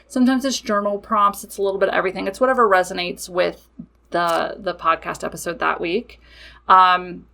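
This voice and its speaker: Woman, podcast host, casual monologue, blunt, matter-of-fact, swears freely, medium pitch. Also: bright, forceful tone. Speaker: podcast host and witchcraft business owner.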